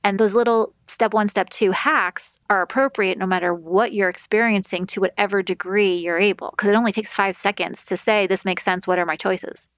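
A woman's voice: medium pitch, steady tone, brisk, hardly any pauses, no echo, dull audio. A woman guest on a parenting talk show, explaining anxiety and grief to a host with metaphors and quoted self-talk. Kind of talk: conversational podcast advice.

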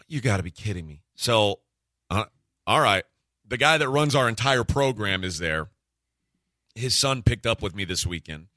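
A man hosting a sports radio show, telling a story in casual chat, animated and acting out the quotes with frequent laughs. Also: mid-range voice, moderate pace, dry recording, clean studio sound. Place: radio studio.

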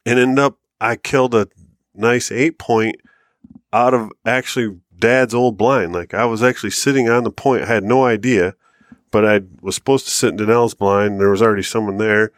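An American man telling a long hunting story in casual podcast chat, acting out quotes with bursts of excitement. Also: normal speed, no room sound, clean studio sound. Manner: animated storyteller, rises high and loud when acting out quotes. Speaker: podcast co-host.

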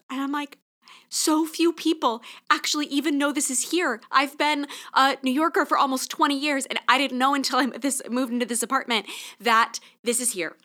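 A woman's voice: high voice, steady tone, moderate pace, pushed and bright. A middle-aged woman hosting a solo podcast, chatty and enthusiastic, getting emotional at times. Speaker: podcast host.

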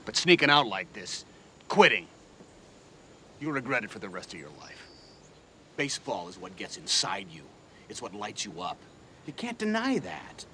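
A rough, blunt former ballplayer turned coach from a film drama. His voice sits low and he presses his point hard. The film audio carries a clear layer of background noise. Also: sing-song, normal speed, long pauses, heavily acted. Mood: urgent. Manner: blunt, pleading, forceful. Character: gruff washed-up former baseball star turned coach.

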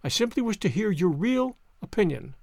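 A man puts on an eager young wife, her voice lifted high and tense with worry as she presses for answers. The sound is close and dry, with a lively, swooping delivery. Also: normal speed, creaky, dry recording, exaggerated voice. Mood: anxious pleading.

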